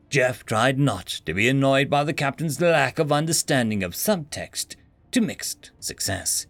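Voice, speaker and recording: A man's voice: mid-range voice, big pitch swings, moderate pace, breathy edge, no room sound, soft background music. A man narrating a sci-fi story in a dry, wry storytelling manner.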